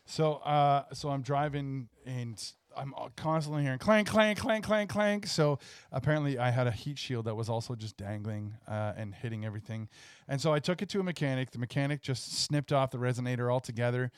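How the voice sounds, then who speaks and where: A man co-hosting a podcast, telling a story in a relaxed, casual way. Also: medium pitch, brisk, smooth, no echo, clean studio sound. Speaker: podcast co-host. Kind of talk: casual chat.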